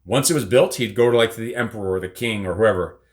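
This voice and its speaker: A man's voice: on the low side, quick pace. Rambling, swearing man host. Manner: rambling, swears casually, teasing. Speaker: podcast host. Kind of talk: casual live-stream chat.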